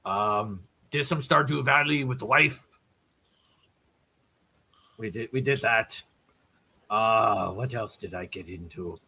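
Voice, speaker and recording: A raspy, gravelly man putting on a gruff dwarven brogue in casual podcast chat. His voice is bright and fairly high, and he swears freely. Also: slow, pauses often. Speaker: podcast guest.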